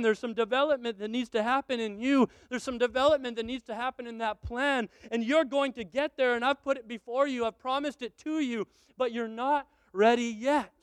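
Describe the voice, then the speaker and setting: A man preaching a sermon, telling a family story in an animated way and acting out its dialogue. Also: extremely high pitch, clean tone, no room sound. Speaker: pastor.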